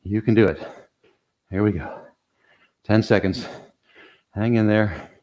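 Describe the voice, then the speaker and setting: A man's voice: on the low side, slow pace, a little mellow. An older man leading a guided workout as an exercise coach. He talks while demonstrating the moves, counts down reps, reminds listeners to breathe and cheers them on with light jokes.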